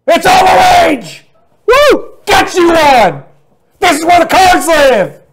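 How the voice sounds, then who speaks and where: A man putting on the voice of an over-the-top infomercial pitchman, shouting and drawing out his words. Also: big pitch swings, slight background noise, full character voice. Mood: hyped. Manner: shouting, drawn-out hype.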